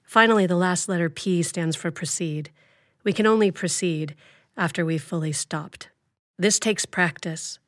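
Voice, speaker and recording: A woman in her thirties hosting, narrating from a script and then interviewing a guest, measured and reflective. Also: fairly low pitch, no echo, clean studio sound. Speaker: host and interviewer.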